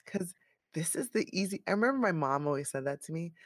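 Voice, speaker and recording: A mother of a toddler in her thirties, co-hosting a casual chat as an animated storyteller who laughs often. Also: lowish voice, quick pace, no room sound, studio quality. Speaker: podcast co-host.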